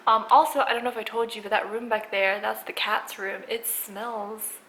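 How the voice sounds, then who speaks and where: A woman's voice: on the high side, little pitch movement, normal speed, sharp tone, low-quality recording. A young woman chatting casually in a home vlog, rambling with lots of fillers and often dropping to half-whispers. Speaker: vlogger. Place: at home, bathroom then bedroom.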